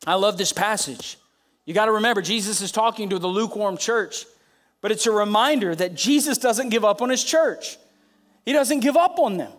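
A man's voice: sits high, normal speed. A man preaching a sermon with passion, repeating phrases for emphasis and building to emphatic peaks. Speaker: pastor. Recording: preaching over background music. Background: soft instrumental music.

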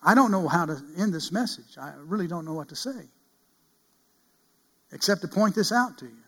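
A middle-aged man preaching a sermon as pastor, earnest, swinging from loud cries to hushed pleading. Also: sits high, animated, moderate pace, husky.

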